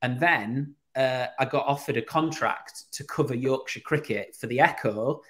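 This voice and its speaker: Here a radio presenter and podcast guest from Teesside chats casually, his medium-pitched voice moving at a moderate pace. He's a chatty, animated teller of anecdotes who acts out quoted voices.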